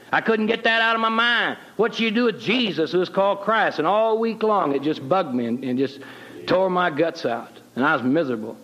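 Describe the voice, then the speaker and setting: A man's voice: high-pitched, lively intonation, normal speed, sharp tone, highs cut off. A middle-aged man telling his personal conversion story in a folksy, plain-spoken way with homespun grammar. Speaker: guest telling his testimony.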